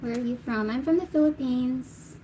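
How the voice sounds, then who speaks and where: Female stream host, bright higher register, easygoing and chatty with viewers, laughs a lot. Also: normal speed, slight background noise, rough recording. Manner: chatty, reads viewer comments aloud and laughs often. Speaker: tarot reader hosting a live Q&A. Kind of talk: casual livestream chat.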